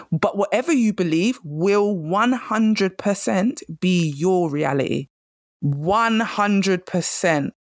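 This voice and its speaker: A woman's voice: fairly low pitch, dry recording, clean studio sound. A woman hosting a solo podcast on career change, telling a personal story in a candid, emphatic way and repeating herself for stress.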